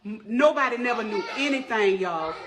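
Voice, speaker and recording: A woman's voice: a little high, moderate pace. Woman animatedly retelling a school story. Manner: animated retelling, acting out quoted voices. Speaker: school front office worker telling a story. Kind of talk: casual storytelling to camera. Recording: noisy background.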